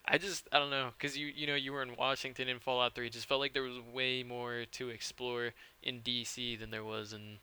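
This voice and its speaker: A man's voice: mid-range voice, little pitch movement, a little fast, hardly any pauses, sharp tone, clean tone. A man co-hosting a gaming podcast, chatting casually with many hesitations and fillers. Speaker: podcast co-host. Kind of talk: casual chat.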